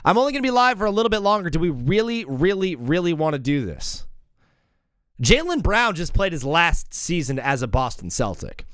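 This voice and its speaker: Man, live-stream sports host, high voice, lively swings, dry close sound, jokey rambling banter. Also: fairly quick, clean tone, no room sound. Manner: energetic, joking, rambling riffs.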